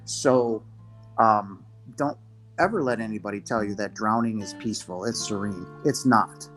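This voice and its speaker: A man in his fifties, a podcast guest giving a halting, emotional personal testimony, his voice breaking at times. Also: fairly low pitch, fairly bright tone, faint music behind. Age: 50s.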